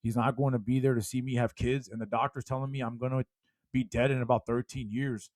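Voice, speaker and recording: Man, podcast guest, storytelling, animated, mid-pitched, dry sound. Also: brisk, no room sound. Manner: animated, gets loud and laughs when telling a punchline. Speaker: guest speaker.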